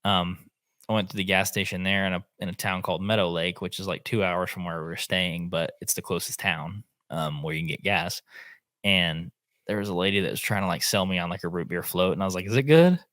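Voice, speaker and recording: A man, a podcast host telling an animated hunting story in casual chat. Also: low-pitched, fairly quick, no room sound, studio quality. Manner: animated, acts out quotes in voices.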